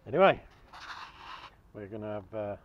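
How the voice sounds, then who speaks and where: Cheerful man, low voice, outdoors. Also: animated, moderate pace, narrow, tinny audio, slight background noise. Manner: cheerful, chuckling, enthusiastic about finds. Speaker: metal detecting vlogger. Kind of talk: chatty commentary to camera while detecting. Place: outdoors in a field.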